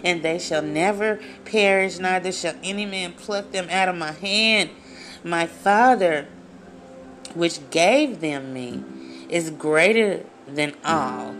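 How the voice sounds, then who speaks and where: A woman's voice: on the low side, a bit bright, slight background noise. A woman leading a Bible study, reading scripture aloud and preaching with fervor, repeating phrases and calling out to her listeners. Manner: fervent, repeats phrases, addresses listeners directly.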